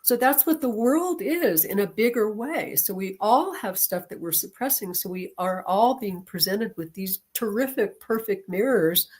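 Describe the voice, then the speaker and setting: A woman who teaches and lectures, talking as an interview guest, telling a personal story in an animated way and laughing often. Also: mid-range voice, normal speed, few pauses, husky.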